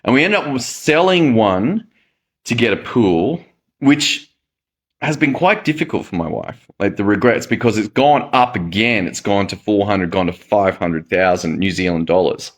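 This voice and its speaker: A middle-aged medical educator and host with a lowish, animated voice tells a personal story at a moderate pace. In this casual monologue he acts out the reactions he quotes.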